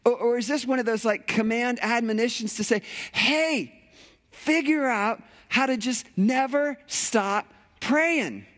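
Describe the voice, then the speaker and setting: A man preaching a conversational sermon in a church sanctuary, animated and playful with rhetorical questions. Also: very high voice. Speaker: pastor.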